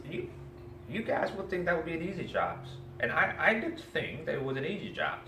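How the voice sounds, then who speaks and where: A man's voice: mid-range voice, slight background noise. A man teaching a class, telling a story and asking his students questions. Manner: animated, asks the class questions. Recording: echoey room, mic far off, faint ambience.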